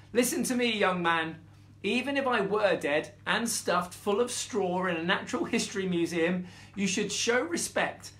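A man's voice: high-pitched, fairly bright tone. A man voicing a proud, grumpy lioness in a bedtime story, haughty and scornful.

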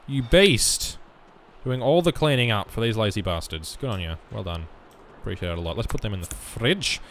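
A young man giving casual let's play commentary, muttering through menu choices with sudden loud bursts of excitement. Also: lowish voice. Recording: noisy background with game rain.

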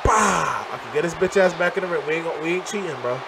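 A man commenting on his own wrestling game as he plays, loud and profane, trash-talking and often shouting. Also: on the high side, animated, quick pace, creaky. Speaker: gaming channel host. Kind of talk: live reactive gameplay commentary. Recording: crowd and game noise behind.

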